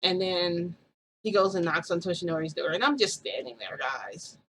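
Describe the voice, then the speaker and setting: A woman's voice: on the low side, moderate pace, fairly bright tone, a little hiss or hum, low-quality recording. A young woman vlogger casually telling a story in a chatty, giggly way, full of quoted dialogue.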